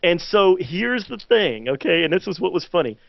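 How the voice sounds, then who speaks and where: A high-voiced man tells a story with lots of fillers, jumping into loud, animated quotes. The sound is dry and close with no room around it, and the audio comes through dull and lo-fi, like a live stream. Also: moderate pace, vocal fry, no echo. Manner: animated, many fillers, acts out quotes loudly. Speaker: podcast co-host. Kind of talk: casual storytelling chat.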